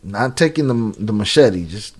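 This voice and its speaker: A man's voice: fairly low pitch, animated, moderate pace, husky. A man giving casual, slangy reaction commentary on a video, joking and laughing as he talks. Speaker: reaction streamer.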